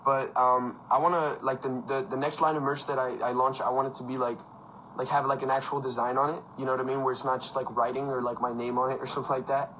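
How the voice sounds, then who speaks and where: Young man, bright voice, casual livestream chat, filler-heavy, laughs often, phone mic, faint background noise. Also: mid-range voice, flat delivery, quick pace, poor audio. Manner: loose, filler-heavy talk with frequent laughs. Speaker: livestream host. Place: indoors at home with a fan.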